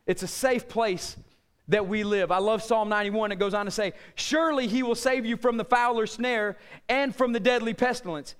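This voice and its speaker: A middle-aged man preaches with fervent energy, his voice sitting very high for a man. His tone is smooth and clear, and he swings from shouted emphasis to low, quiet appeals. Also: moderate pace. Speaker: pastor. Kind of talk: sermon.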